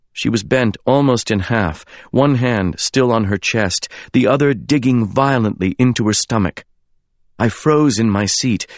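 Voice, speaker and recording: A man's voice: lowish voice, no room sound. Man reading a novel aloud, dry and close. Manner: measured, earnest first-person telling. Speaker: narrator. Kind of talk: scripted audiobook narration.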